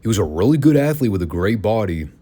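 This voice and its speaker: A man's voice: on the low side, big pitch swings, fast talker, warm tone. A man hosting a podcast, giving a casual, opinionated and sarcastic wrestling review. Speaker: podcast host.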